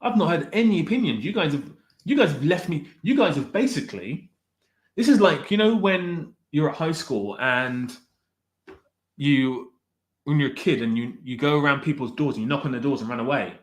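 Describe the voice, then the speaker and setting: A man's voice: on the high side, expressive, moderate pace. A man casually chatting on a livestream, reading the chat aloud and rambling while he corrects himself as he ranks directors. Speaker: streamer ranking directors with live chat.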